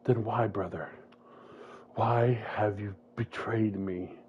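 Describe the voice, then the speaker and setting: A man's voice: lowish voice, fairly even intonation, slow pace, dull audio, crowd noise. A man voicing a bitter, menacing male villain who taunts his former best friend in a cold, profane way.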